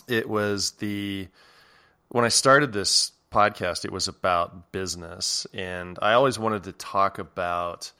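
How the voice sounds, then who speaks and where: A man's voice: low voice, sharp tone, clear, resonant tone. A man hosting a podcast, chatting casually and telling a rambling story with lots of laughs. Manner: rambling, laughs a lot, restarts. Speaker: podcast host.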